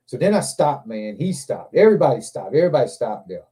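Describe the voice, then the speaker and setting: A man's voice: mid-range voice, quick pace, hardly any pauses, breathy edge. A man telling a long, profane story in casual chat, acting out what he said. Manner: profane, animated storyteller, acts out quotes. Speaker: show host. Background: other men on a livestream hangout.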